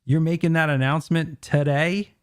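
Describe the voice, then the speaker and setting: A man's voice: on the high side, fairly even intonation, normal speed, clear, resonant tone. A man co-hosting a casual podcast chat, opinionated and full of "like"s and restarts. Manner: opinionated, hedges with many "like"s. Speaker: co-host.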